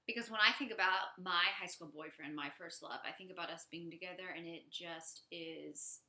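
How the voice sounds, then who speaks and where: A young woman co-hosting a podcast, chatting casually and telling stories with animated energy. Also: on the low side, moderate pace, roomy sound. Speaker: podcast co-host.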